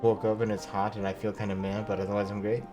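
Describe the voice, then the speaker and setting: A man's voice: on the low side, little pitch movement, fast talker, a little mellow. A man streaming a game, chatting casually with joking, profane asides, with faint game music behind. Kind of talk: casual gameplay commentary.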